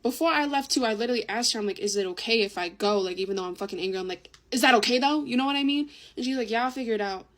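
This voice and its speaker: A woman's voice: on the high side, racing, hardly any pauses, fairly bright tone. A young woman tells a long storytime while getting ready, talking close to her phone at home. She drops swear words and fillers throughout, and her voice sits a little above the usual range. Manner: chatty, swears a lot, many fillers. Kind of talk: casual storytime while doing makeup.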